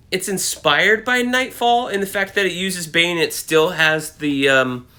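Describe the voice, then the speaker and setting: A man's voice: medium pitch, bright, forceful tone. A man hosting his own comic book video channel, giving casual, rambling commentary full of fillers and self-corrections.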